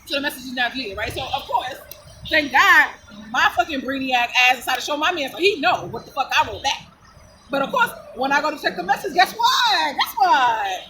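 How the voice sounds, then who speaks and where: The audio is poor and carries a bit of hiss or hum. Over it, a high-pitched woman storyteller vlogger briskly and casually retells something that happened to her, cursing bluntly, laughing often, and keeping the telling lively and animated.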